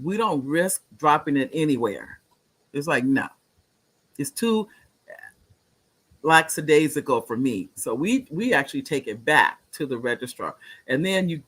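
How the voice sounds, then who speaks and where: A man's voice: a little high, a bit bright, breathy edge. A man in his late sixties hosting a live-streamed talk show, speaking earnestly, repeating phrases for emphasis, and reading viewer comments aloud. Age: 60s.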